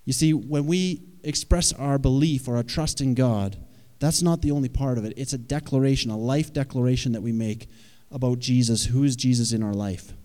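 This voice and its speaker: A man's voice: mid-range voice, normal speed, few pauses, mellow, in a large hall. A man preaching a sermon in a conversational way, often checking in with his listeners. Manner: conversational, asks the audience questions.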